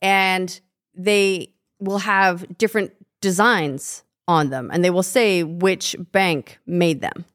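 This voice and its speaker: A woman's voice: fairly low pitch, fairly even intonation, takes it slowly, a bit bright, no echo. Woman, podcast co-host, inquisitive and casual, dry sound. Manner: curious, asks follow-up questions. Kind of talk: casual chat.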